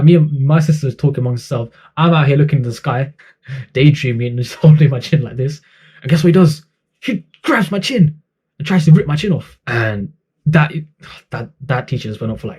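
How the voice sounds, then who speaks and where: A man's voice: mid-range voice, a little mellow, husky. A man, telling a story in a chatty, casual way, full of slang and fillers. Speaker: vlogger.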